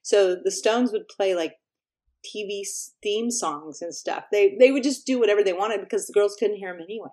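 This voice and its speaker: A middle-aged woman musician from Texas, chatting as an interview guest and telling lively stories, acting out quotes and laughing often. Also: medium pitch, moderate pace. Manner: animated storyteller, laughs often, acts out quotes. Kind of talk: casual interview chat.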